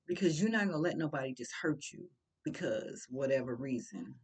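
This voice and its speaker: A woman's voice: a bass voice, expressive, fairly quick, a little mellow, husky. An older woman giving casual, preachy commentary, blunt and full of rhetorical questions. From St. Louis.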